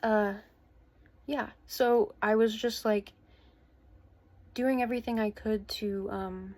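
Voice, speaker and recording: A woman in her twenties speaking to camera from her bedroom at home, recounting a personal story in a hesitant, earnest way with pauses and restarts. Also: a little high, fairly even intonation, darkish tone. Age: 20s. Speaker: vlogger.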